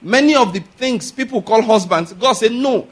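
A male pastor delivers a sermon in a high, husky voice at a moderate pace. He's insistent and emphatic, firing questions at the congregation in call-and-response fashion and repeating key lines to drive his points home.

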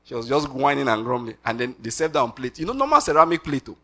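A middle-aged Nigerian man preaching a sermon with animated delivery, slipping into pidgin asides and laughing. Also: medium pitch, fast.

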